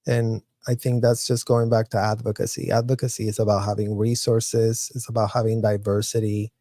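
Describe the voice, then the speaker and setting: Earnest male guest, warm mellow tone, dry sound. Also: on the low side, flat delivery, brisk, dry recording. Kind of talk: casual conversation.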